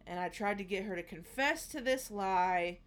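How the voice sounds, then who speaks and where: A woman co-host tells a family story in a casual, animated way. She acts out every line of dialogue as she goes. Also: medium pitch, normal speed, heavy background noise. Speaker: podcast co-host.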